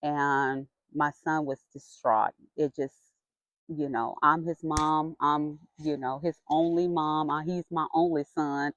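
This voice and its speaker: A middle-aged woman vlogger telling a personal story in a frank, chatty and expressive way. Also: low voice, slow, no room sound. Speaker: vlogger sharing her health story. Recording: dull lo-fi sound.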